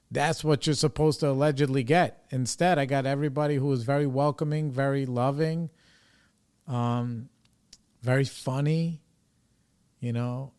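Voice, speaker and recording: A man's voice: medium pitch, creaky, darkish tone. Rambling New York man, casual and profane. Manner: rambling, loose and profane, full of "you know" and "like". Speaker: recovery podcast host.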